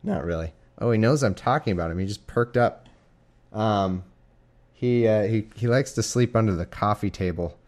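A young man with a lowish, darkish voice talks at a normal speed while hosting a casual podcast from his living room, a cat nearby. He rambles and pokes fun at himself, often restarting or wandering into asides, mixing casual chat with scripture reading.

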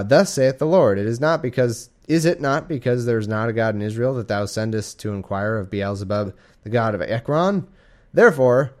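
A man with a lowish voice reads scripture in a loose, irreverent way, sounding a little drowsy in a warm room. He keeps stopping to joke and paraphrase, and he lifts into hammy, mock-dramatic voices for the quoted lines. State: drowsy, sleepy. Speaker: casual Bible reader. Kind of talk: irreverent casual reading with commentary.

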